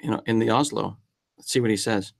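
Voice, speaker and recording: A man's voice: lowish voice, quick pace, creaky. A man hosting a casual live-stream chat, joking and rambling in a self-deprecating way. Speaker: host.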